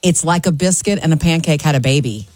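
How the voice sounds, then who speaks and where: A woman's voice: low voice, fast, darkish tone, dry recording, faint music behind. A middle-aged woman co-hosting a radio morning show, chatting casually and enthusiastically and laughing easily. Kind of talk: casual chat.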